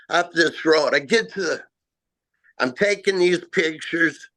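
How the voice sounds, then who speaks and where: A man telling a first-person encounter story in a halting, rambling way, full of "you know" and "uh" fillers. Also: on the high side, bright, forceful tone. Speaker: eyewitness guest.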